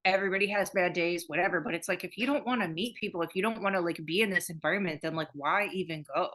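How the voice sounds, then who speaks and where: Casting note: woman, bright and forceful tone, loose chatty podcast co-host. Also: lowish voice, fast. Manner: chatty, filler-heavy, swears casually. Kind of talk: casual chat.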